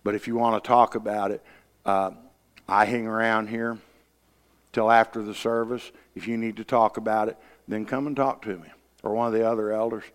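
A man's voice: on the low side, little pitch movement, normal speed. Folksy, blunt male preacher telling stories from the pulpit; long church reverb. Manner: folksy storyteller, blunt, rising to loud emphasis. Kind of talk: sermon with personal testimony. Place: church sanctuary.

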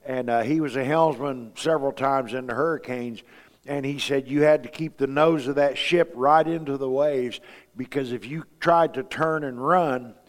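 A man's voice: medium pitch, moderate pace, in a large hall. A man preaching a sermon in a folksy, storytelling way, asking his congregation rhetorical questions. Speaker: pastor.

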